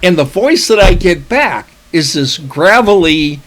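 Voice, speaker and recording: A middle-aged man co-hosting a casual podcast, talking in a rambling, profanity-laced way. His voice sits a little high for a man. His pitch swings widely as he tells the story. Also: expressive, a little slow, a bit bright, slight background noise. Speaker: podcast co-host. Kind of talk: casual chat.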